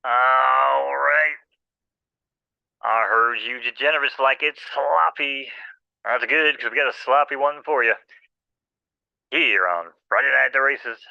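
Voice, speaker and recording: A man calling a horse race with playful, rhythmic, rapid commentary. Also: medium pitch, vocal fry, no room sound, dull audio.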